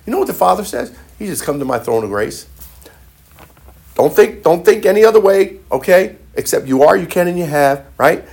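A man's voice: high-pitched, fairly quick, gravelly, hardly any pauses, darkish tone, slightly rough. A male pastor preaching a sermon emphatically, with repeated phrases and frequent restarts.

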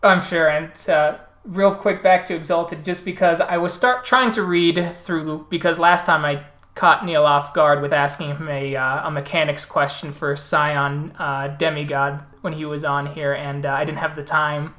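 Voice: mid-range voice, level tone, moderate pace, few pauses, fairly bright tone. Podcast host telling tabletop stories in an echoey room. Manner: storytelling, laughs often. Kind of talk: casual chat about tabletop games. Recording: roomy echo.

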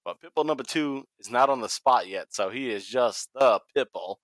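His medium-pitched voice moves at a moderate pace with lively intonation as this Massachusetts podcast host, Boston accent and all, talks wrestling casually. He swears freely, laughs often, and the recording has no room sound.

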